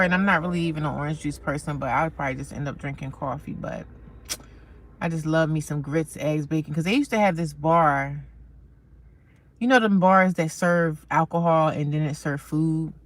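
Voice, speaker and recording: A woman with a deep voice livestreams from her parked car at a normal speed, rambling casually, repeating herself, and calling viewers y'all and honey. The recording comes from a phone camera.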